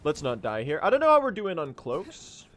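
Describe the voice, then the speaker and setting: A man's voice: a little high, wildly swooping pitch, normal speed, a bit bright, a little hiss or hum. A man in his twenties chatting casually and swearing while streaming a game speedrun. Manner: chatty, joking, swears often.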